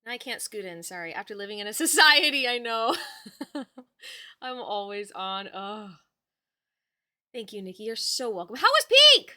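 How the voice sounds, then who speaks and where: A woman's voice: medium pitch, moderate pace, pauses often, pushed and bright. A woman livestreaming from home, chatting casually with her viewers and fussing affectionately over the dog in her lap.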